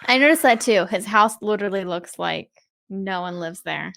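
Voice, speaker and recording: A woman's voice: mid-range voice, normal speed, vocal fry, fairly bright tone, no room sound, clean studio sound. A woman co-hosting a podcast in casual chat, adding short, agreeing remarks. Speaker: podcast co-host.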